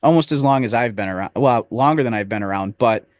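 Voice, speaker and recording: A man's voice: mid-range voice, quick pace, no room sound. Man, podcast co-host, casual rambling chat, jokey asides, dry close-mic sound. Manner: rambling, jokey, slips into silly impressions.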